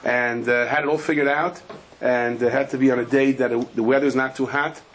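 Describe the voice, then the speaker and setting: Male rabbi, animated storyteller, mid pitch, faint background noise. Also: brisk. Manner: animated storyteller, acts out voices, shouts in quotes. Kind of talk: Torah lecture with stories. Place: attic room.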